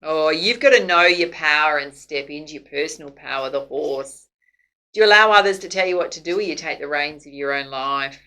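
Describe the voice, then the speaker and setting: A woman's voice: low voice, brisk, pushed and bright, rough recording. A woman doing a casual tarot reading to camera, chatty and laughing often. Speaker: psychic tarot reader.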